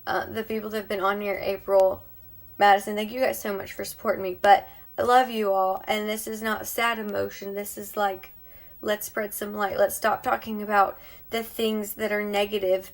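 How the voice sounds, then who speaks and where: A woman talking heartfelt and encouraging on a live stream from home, sometimes dropping to a near-whisper. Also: medium pitch. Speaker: beauty vlogger. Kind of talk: emotional live-stream monologue.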